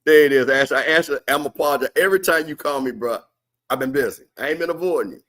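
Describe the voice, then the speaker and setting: A man's voice: mid-range voice, quick pace, a bit bright. A man hosting a live game watch party and commentating casually, reading viewer comments and using loose, slangy talk. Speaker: watch party stream host. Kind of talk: live sports commentary chat.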